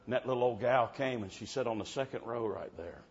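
A man preaching a revival sermon in church, telling stories and swinging from soft-spoken to shouting. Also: mid-range voice, a little fast. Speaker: traveling preacher. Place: church service. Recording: dull muffled sound with faint background hiss.

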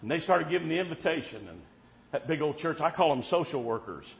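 A man preaching a sermon in a folksy storytelling way, dotting his talk with amen and swinging between loud and hushed. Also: fairly high pitch, animated, quick pace, gravelly. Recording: muffled lo-fi with faint hiss.

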